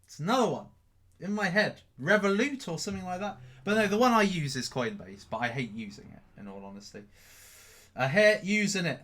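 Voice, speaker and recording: A man's voice: high-pitched, very animated, a little fast, a bit bright. A man hosting a casual live stream, reading out chat questions. He rambles, repeats his own phrases and swears offhand. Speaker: crypto livestream host.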